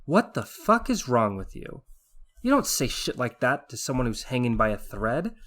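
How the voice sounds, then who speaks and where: A man's voice: medium pitch, very animated, fairly bright tone. A man voicing a scolding woman medic. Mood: outraged. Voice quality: brisk, scolding. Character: sharp-tongued woman medic, serious and exasperated.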